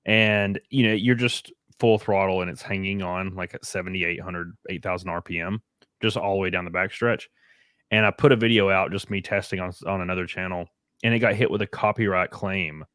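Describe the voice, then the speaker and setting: A man's voice: low-pitched, fairly even intonation, fairly quick, fairly bright tone, clear, resonant tone, no room sound, clean studio sound. A man from the American South with a Southern US accent, telling stories easily as a panelist in a casual chat.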